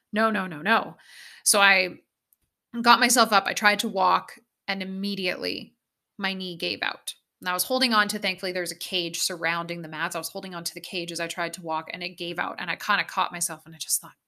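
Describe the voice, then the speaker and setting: A woman's voice: mid-range voice, pushed and bright. A young woman vlogger from Canada, telling a personal story in a candid, chatty way and swearing freely. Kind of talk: casual storytelling to camera.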